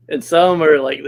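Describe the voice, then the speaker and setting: A man's voice: a little high, vocal fry, a little hiss or hum, poor audio. A man casually telling a personal story as a podcast guest, chatty and laughing often.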